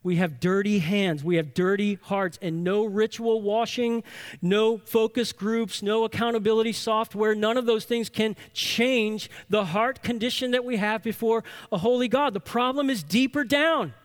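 A man's voice: high-pitched, fairly even intonation, moderate pace. A man preaching a sermon to a congregation, emphatic, asking rhetorical questions and repeating key phrases for weight. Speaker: pastor.

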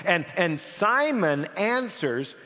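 Male preacher, lively delivery, somewhat high voice, long church reverb. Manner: animated, dramatic pauses, repeats words when emphasizing. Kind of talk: sermon.

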